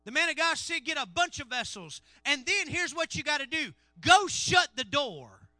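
High-voiced, bright man preaching. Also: expressive, brisk, dry recording. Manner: call-and-response preaching, swinging between loud shouts and low murmurs. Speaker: pastor. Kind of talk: sermon.

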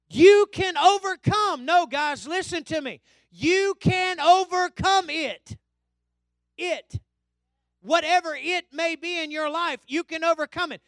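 A man preaches with a very high voice. He drops to low asides, then builds into loud call-and-response shouts at his congregation. The sound is dry and close. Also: dry recording. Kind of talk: sermon. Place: church hall.

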